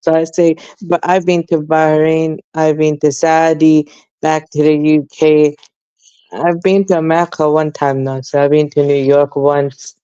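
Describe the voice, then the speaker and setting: A man's voice: fairly high pitch, flat delivery, a little slow, mellow, clean tone, dry recording, dull audio. A young man with a London accent in casual chat, rambling and leaning on fillers like "basically" and "though.". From England. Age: young adult. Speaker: guest.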